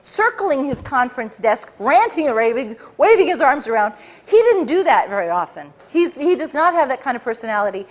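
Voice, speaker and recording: A woman author giving a talk to a live audience, telling her story in an animated way with many restarts. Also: high-pitched, brisk.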